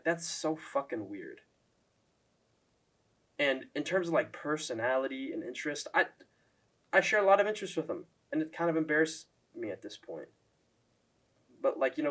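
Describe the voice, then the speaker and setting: Profane young man ranting about fighters. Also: medium pitch. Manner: profane, lots of "like" fillers, mocking impressions. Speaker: MMA commentary YouTuber. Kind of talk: casual ranking rant.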